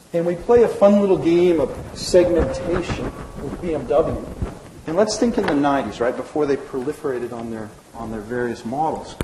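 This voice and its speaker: A man in his forties giving a lively marketing lecture to a class, often checking in with "right?" and acting out the dialogue he quotes. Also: fairly high pitch. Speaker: marketing professor. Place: lecture hall. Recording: echoey room, faint noise.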